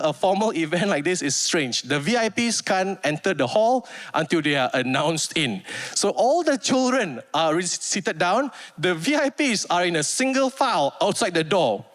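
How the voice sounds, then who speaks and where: Animated Malaysian stand-up comic, high voice. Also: male voice. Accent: Malaysian English. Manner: animated, acts out other people's lines in character. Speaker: stand-up comedian. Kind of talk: stand-up storytelling. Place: stage before a live audience.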